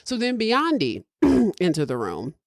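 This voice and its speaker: A woman with a lower voice that swings up and down expressively as she narrates a true-crime case to a co-host. Her delivery is chatty and slangy, and the sound is close and dry. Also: a little slow, gravelly, no room sound. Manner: animated retelling with slangy asides. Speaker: podcast host. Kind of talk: casual true-crime storytelling.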